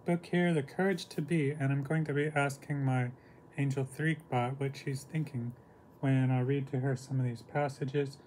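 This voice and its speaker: Man, mid-pitched, casual halting monologue, frequent throat clearing, self-questioning, faint background noise. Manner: halting, clears throat often, asks questions and answers himself. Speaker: entertainer talking to his angels. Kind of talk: casual monologue with book reading.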